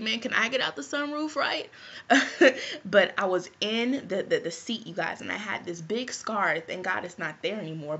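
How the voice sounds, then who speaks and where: A woman's voice: on the low side, fairly bright tone, husky. A woman vlogger telling a personal story to her viewers in a casual, chatty way, often checking in with "right?". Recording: dull lo-fi recording.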